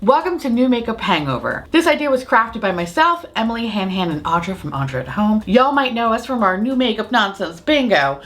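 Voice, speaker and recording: Sassy young woman chatting makeup, voice swings all over, loud and playful. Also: fairly high pitch, big pitch swings, a little fast, few pauses. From United States. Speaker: makeup vlogger. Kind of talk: casual chat to camera.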